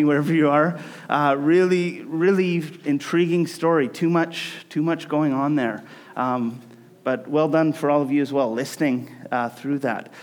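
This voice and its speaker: A man leading a casual, joking talk to his church congregation as its pastor. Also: fairly high pitch. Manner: chatty, joking, self-interrupting.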